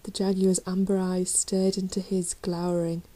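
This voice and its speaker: Female narrator for a children's fantasy book, low and mellow, reads dramatically. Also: little pitch movement, moderate pace, rough recording. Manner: dramatic reading, raising voice for shouted lines. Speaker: audiobook reader. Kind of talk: storybook narration.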